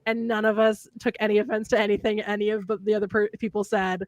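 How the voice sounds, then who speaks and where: Telling stories with lots of laughter, a young woman hosts a casual livestream at a quick pace. Her voice is mid-range, and the sound has no echo.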